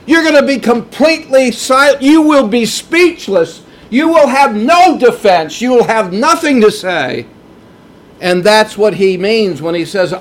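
A man's voice: very high voice, animated, a little slow. A middle-aged man preaching a sermon, earnest and emphatic, repeating his key points. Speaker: pastor.

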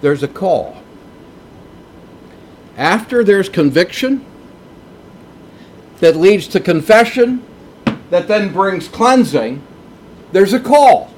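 A man preaching a sermon in a slow, emphatic way, with big swings in pitch for emphasis. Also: lively intonation, slight background noise.

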